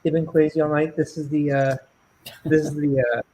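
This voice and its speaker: A man's voice: on the high side, little pitch movement, a little fast, a little mellow, slight background noise, poor audio. A man co-hosting a hobby live stream from a video call, chatting casually with teasing banter. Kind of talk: casual chat.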